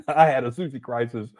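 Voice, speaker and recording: A man's voice: mid-range voice, a little mellow. A man hosting a casual livestream, reading the chat aloud, laughing often and using slang as he calls his viewers family.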